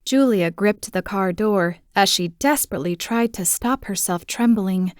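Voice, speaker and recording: A woman narrating a romantic suspense audiobook in a measured, steady storytelling manner on a close studio mic. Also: medium pitch, no room sound.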